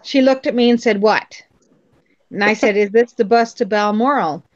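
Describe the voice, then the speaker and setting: A woman's voice: a little high, normal speed, highs cut off. A woman from Newfoundland with a faint Newfoundland accent, telling stories in a casual group chat and laughing often. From Newfoundland, Canada. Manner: chatty storyteller, laughs often.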